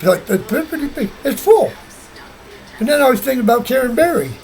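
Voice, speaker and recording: A man talks on in a loose, rambling monologue, circling back and repeating himself. His voice sits high and swings widely up and down as he goes. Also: lively intonation, brisk, creaky, a little mellow, low-quality recording. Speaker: vlogger.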